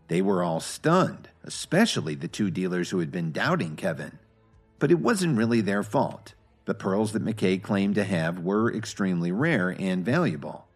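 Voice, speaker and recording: A man narrating a story in a steady, expressive reading. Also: sits low.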